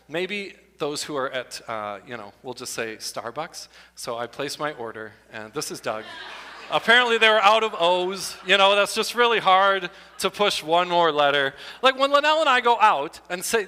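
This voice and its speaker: Bright animated man in a reverberant hall. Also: on the high side. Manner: animated, bursts into loud exclaiming. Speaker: comedian at a church show. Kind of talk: stand-up comedy with slides. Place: church hall before an audience.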